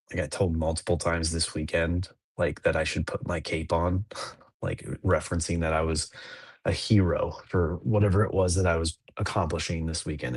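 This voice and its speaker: A low-voiced man in his thirties chats on a podcast in a loose, rambling way, full of fillers and restarts. The sound is dry and close, with no room around it. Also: husky, no room sound. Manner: rambling, laid-back, many fillers and restarts. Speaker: podcast co-host. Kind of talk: casual chat.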